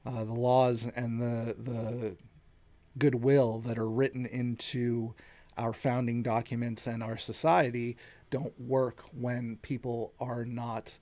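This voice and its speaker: A man's voice: mid-range voice, flat delivery, slow pace, darkish tone. A man in his late thirties from the United States hosting a solo podcast, giving his opinions in an earnest, conversational way. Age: late 30s. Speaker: podcast host.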